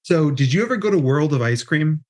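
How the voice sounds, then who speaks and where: A man's voice: fairly high pitch, animated, a little fast, a little mellow. Joking man hosting a podcast. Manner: upbeat, joking, says "right?" a lot. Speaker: podcast host. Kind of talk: casual podcast chat.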